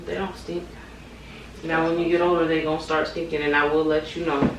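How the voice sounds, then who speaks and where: Joking young dad, high voice, roomy room. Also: male voice, flat delivery, fairly quick. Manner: joking, teasing, talks to the viewers. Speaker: father and vlog co-host. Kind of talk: casual family vlog chat. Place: home nursery room, indoors. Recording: roomy, distant, noisy home video.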